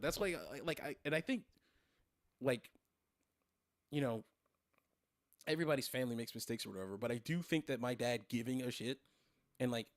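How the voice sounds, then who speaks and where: A young man in his twenties chatting on his own livestream, talking in loose, rambling runs with plenty of swearing and fillers. His voice sits at an ordinary pitch for a man. The sound is dry and close, with no room around it. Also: no room sound. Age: 20s. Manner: rambling, profane, many fillers and restarts. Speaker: streamer host. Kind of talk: casual livestream chat.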